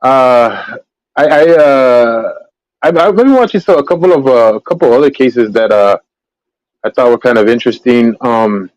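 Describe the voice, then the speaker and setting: A man's voice: mid-range voice, moderate pace, no room sound. Guy rambling on his stream bout crime cases, lots of ums, dry dull-ish mic. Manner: rambling, many fillers and restarts. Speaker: livestream host. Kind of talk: casual true-crime chat.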